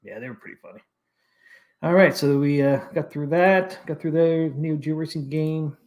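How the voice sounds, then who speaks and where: A man's voice: a little high, moderate pace, darkish tone. Laid-back man reading stream chat. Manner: laid-back, reads chat messages aloud. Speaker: host of a live stream show. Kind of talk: casual live stream chat.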